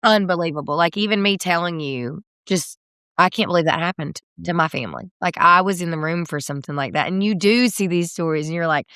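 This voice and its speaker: A woman in her thirties, a singer guest in a candid interview, telling a personal story with many fillers and soft laughs. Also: on the low side, normal speed, clear, resonant tone, no room sound, studio quality.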